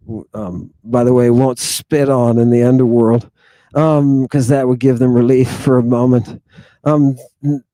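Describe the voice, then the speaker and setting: A man hosting a channel in a rambling livestream monologue, reading out viewer comments and talking through them in an excitable, sardonic way full of exclamations and rhetorical questions. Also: medium pitch, no room sound. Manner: sardonic and mocking. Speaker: channel host.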